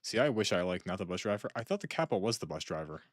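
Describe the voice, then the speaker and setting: A young man with a low, deep voice rambles and jokes as he reacts to videos, restarting and trailing off. The sound is close-miked and dry, with no room echo. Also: sing-song, quick pace. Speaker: streamer. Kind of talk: casual chat reacting to videos.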